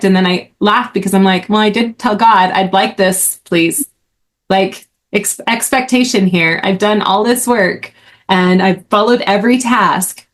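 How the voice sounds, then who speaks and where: Chatty woman telling a personal story. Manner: chatty, frequent "like", rises in pitch when excited. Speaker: podcast host.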